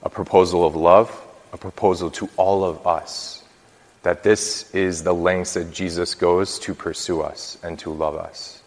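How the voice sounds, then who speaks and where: A man's voice: low voice, little pitch movement, unhurried. A man preaching a homily as a priest, talking conversationally with many fillers and restarts. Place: church. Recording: long church reverb.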